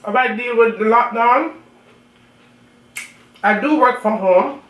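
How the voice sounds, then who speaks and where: A woman's voice: fairly high pitch, slow, fairly bright tone. Jamaican woman chatting between bites. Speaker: cooking channel host. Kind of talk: casual chat while eating. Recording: roomy echo, mic at a distance, faint room noise.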